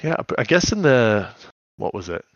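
A man's voice: mid-range voice, sing-song, moderate pace, dry recording, lo-fi sound. A man co-hosting a casual chat, recapping a cartoon episode and laughing often. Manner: laughs often, recaps scenes in acted quotes. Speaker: podcast co-host.

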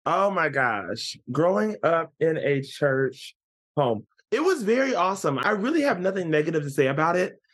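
A man as a guest on a casual podcast interview, upbeat and excitable, his pitch jumping up when he gets animated. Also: normal speed, slightly rough.

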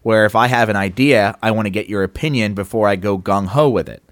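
A man's voice: fairly low pitch, fast talker, no echo, studio quality. A man co-hosting a podcast, talking loosely in casual chat, swearing offhand and acting out stories from work. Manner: loose, chatty, swears casually, acts out anecdotes. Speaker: podcast co-host.

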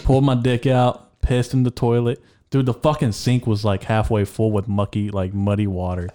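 A man's voice: lowish voice, flat delivery, normal speed, dark tone. A young man in casual podcast chat, telling long crude stories full of swearing and filler words. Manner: crude, rambling storyteller, swears a lot. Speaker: podcast co-host.

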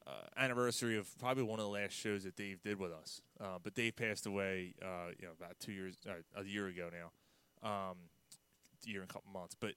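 A man telling prank stories in casual chat, animated, with loud mimicked outbursts. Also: deep voice, a little fast, clean tone. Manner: animated storyteller, loud mimicked outbursts, laughs mid-story.

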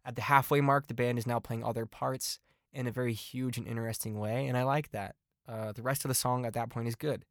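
A man's voice: mid-range voice, steady tone, fairly quick, no echo, studio quality. Blunt, profane man reviewing albums. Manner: rants with repeated complaints. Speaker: podcast host.

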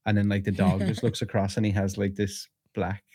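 A man with a fairly low voice co-hosting a podcast. He chats casually and tells stories in a relaxed, laid-back way, with plenty of fillers. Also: a little fast, husky. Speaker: podcast co-host. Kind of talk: casual chat.

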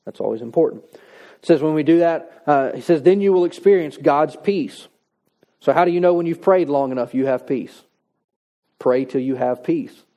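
A man's voice: on the high side, moderate pace, highs cut off. A man preaching a sermon in a conversational, folksy way, reading scripture and adding plain-spoken asides. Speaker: pastor.

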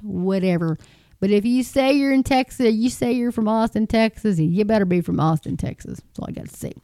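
A woman's voice: mid-range voice, dark tone, dry recording. A woman giving casual rambling commentary, chatty and earnest, with many fillers and repeated phrases. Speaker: commentary vlogger.

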